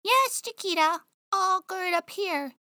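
A tiny, bossy dog with a very high, bright, squeaky voice that speaks slowly and gives orders, as a woman narrator puts him on. He sounds protective and sure of himself. The sound is dry and close. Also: expressive, no echo, heavily acted. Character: small brave male dog, bossy and protective. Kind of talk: audiobook narration.

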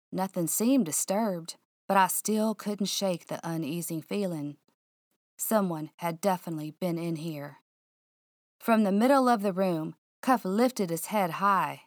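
A woman reads a first-person mystery aloud in a low, drawling voice. She keeps her telling hushed and suspenseful. The recording is dry and close. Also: no room sound. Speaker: narrator. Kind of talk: first-person audiobook narration.

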